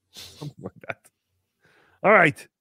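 A man's voice: unhurried, pushed and bright, a little hiss or hum. A man putting on a silly, self-pitying showman character who talks about himself in the third person in a melodramatic, whiny way on a comedic live stream. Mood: excitable. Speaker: livestream show host.

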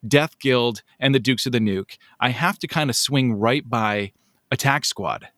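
A man hosting a casual podcast interview, telling stories in an animated, joking way. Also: mid-range voice, measured pace, no room sound, clean studio sound. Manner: animated, jokey storyteller. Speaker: podcast host.

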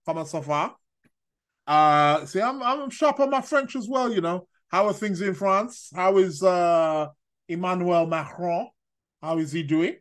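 A man hosting a casual live stream, his voice sitting a little high for a man. He rambles, trips over his words and laughs at his own asides, in a loose, chatty way. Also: a bit bright. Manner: rambling, stammers and restarts, laughs at own jokes. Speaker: astrology live-stream host.

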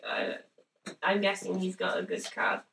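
A woman from Norway, giggly and quick-witted, teasing her friends during a casual card-game podcast. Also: on the low side, level tone, creaky, a bit bright, far from the mic. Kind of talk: casual comedic chat over a card game. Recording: roomy, off-mic home recording with faint noise.

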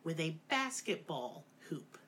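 A woman's voice: low-pitched, sing-song, slow pace, fairly bright tone. A middle-aged woman hosting a podcast, telling a fairy tale in a crude, sarcastic, comic way. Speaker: podcast host. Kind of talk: profane comedic storytelling.

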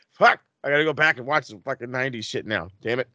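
A man asking wrestling trivia in a casual podcast chat, excitable and profane with rambling asides. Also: mid-range voice, a little fast, no room sound, lo-fi sound. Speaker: trivia quizmaster.

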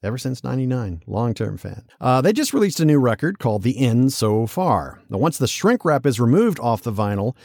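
Animated male podcast host, dry mic. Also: mid-range voice, no echo. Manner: animated, chatty, jumps into quick character voices. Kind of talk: casual solo podcast commentary.

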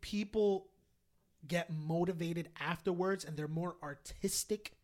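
A young man co-hosting a podcast, telling a story in casual chat, animated and swearing, often laughing. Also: high-pitched, unhurried. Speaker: podcast co-host.

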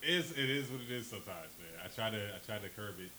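Animated man from New Jersey. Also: on the low side, fast, poor audio. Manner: animated, emphatic, swears freely. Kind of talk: casual chat. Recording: faint hiss.

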